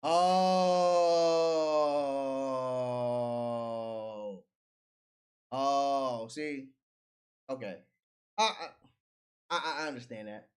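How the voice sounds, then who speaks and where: A man's voice: medium pitch, slow, pauses often, fairly bright tone. A man hosting a casual livestream, talking in slang, reading chat aloud and laughing often.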